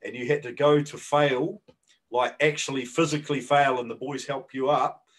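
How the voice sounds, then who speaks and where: A man's voice: medium pitch, steady tone, normal speed, rough recording. Rambling New Zealand man, podcast co-host. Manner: rambling, hesitant with many fillers. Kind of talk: casual chat.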